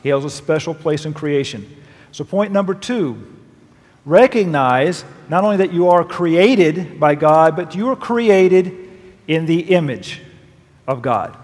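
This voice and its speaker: A male pastor preaching a sermon, reading scripture verses aloud with emphatic, lively delivery. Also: on the high side, a little slow. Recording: long reverb of a large hall.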